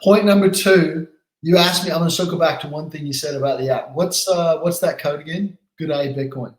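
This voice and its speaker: An American man, a company head, talking with energy and fire as a guest in a casual podcast chat. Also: on the high side. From United States. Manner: energetic, fiery, fast-talking. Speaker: exchange CEO guest. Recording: roomy echo.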